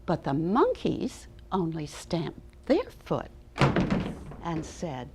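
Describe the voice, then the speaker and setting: A woman's voice: low-pitched, wildly swooping pitch, takes it slowly, noisy background. A woman educator giving a dramatic storybook reading, then talking about teaching. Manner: dramatic, with hushed and loud turns. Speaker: early childhood educator.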